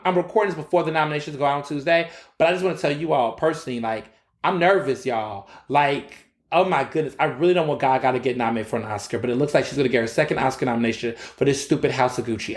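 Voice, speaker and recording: A man hosting his own podcast, chatting in an animated, slangy way and speaking straight to his listeners. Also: medium pitch, echoey room. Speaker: podcast host. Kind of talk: casual solo commentary.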